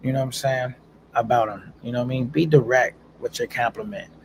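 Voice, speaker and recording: A man's voice: mid-range voice, steady tone, brisk, a little hiss or hum. A man casually chatting on a live stream, reading viewer comments aloud in a laid-back, slangy way and laughing often.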